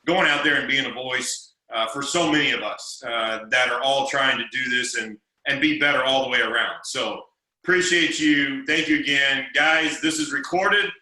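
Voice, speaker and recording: A man's voice: mid-range voice, normal speed, pushed and bright. A man hosting a group video call, thanking his guest effusively and restarting his sentences. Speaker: host. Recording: echoey video call audio.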